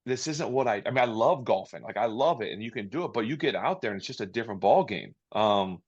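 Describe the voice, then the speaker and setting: Male podcast guest, low voice, loose rambling talk, dull lo-fi sound. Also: expressive, slightly rough. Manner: rambling, halting, many restarts and fillers. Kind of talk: casual interview chat.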